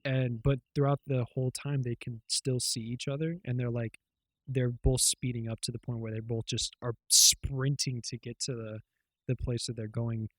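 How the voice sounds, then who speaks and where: A man's voice: medium pitch, flat delivery, moderate pace, no echo. A man co-hosting a podcast, retelling things in a loose, rambling way with lots of fillers and swearing. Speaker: podcast co-host. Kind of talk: casual chat.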